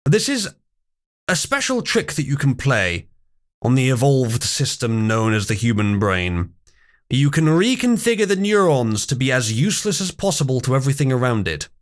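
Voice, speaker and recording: A young man hosting a live stream in an animated voice that swings widely in pitch. He reads memes and chat aloud with wry, mock-outraged theatrical emphasis, chatting casually with his viewers. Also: moderate pace. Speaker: livestream host.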